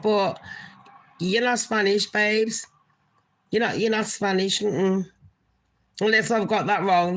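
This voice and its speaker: Blunt bright-voiced woman gossiping. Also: medium pitch. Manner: blunt, swears freely, chatty asides to viewers. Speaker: livestream gossip host. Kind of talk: casual celebrity gossip commentary.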